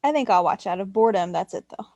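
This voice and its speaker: A woman's voice: mid-range voice, expressive, quick pace, a little mellow, dry recording. A woman co-hosting a casual podcast chat, laid-back with short replies. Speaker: podcast co-host.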